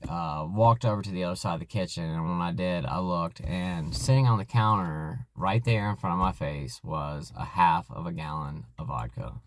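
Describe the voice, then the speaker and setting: A man telling a personal story in a vlog, halting and earnest, with many fillers and restarts. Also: low-pitched. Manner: candid, emotional retelling. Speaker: vlogger in alcohol recovery.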